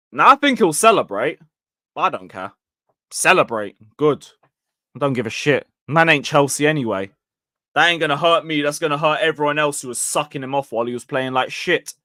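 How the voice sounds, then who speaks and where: Sweary football fan, dry mic. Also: male voice, medium pitch, sharp tone, no room sound. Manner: blunt, sweary, rambling, reading chat comments. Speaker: football fan channel host. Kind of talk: casual live match review.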